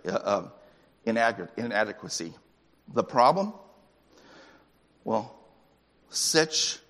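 A man preaching a sermon as pastor, with animated, rising excited peaks. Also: on the high side, in a large hall.

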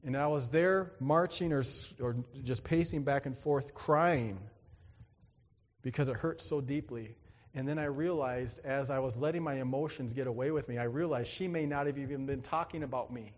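A medium-pitched man delivers a sermon at a moderate pace, recounting a personal story in an earnest, dramatic style and performing the other characters' voices. A long hall reverb colors the recording.

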